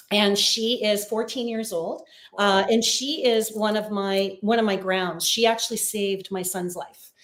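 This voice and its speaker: A woman, a psychic medium, talking casually in an interview over a video call and telling stories with plenty of fillers. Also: medium pitch. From Canada. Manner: chatty, warm storytelling with many fillers.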